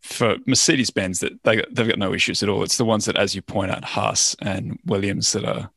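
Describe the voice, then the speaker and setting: Man, podcast co-host, low voice, questioning, dry close sound. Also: steady tone, moderate pace, creaky, fairly bright tone, husky, no room sound. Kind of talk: casual chat.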